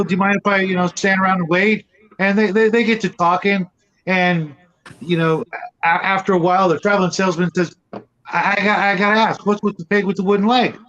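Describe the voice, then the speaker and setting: A man with a high voice telling a long joke among friends. He keeps stopping and repeating himself. The recording sounds dull and muffled. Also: fairly bright tone. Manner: halting, repeats words often. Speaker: host. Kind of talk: casual chat and joke telling. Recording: muffled lo-fi audio.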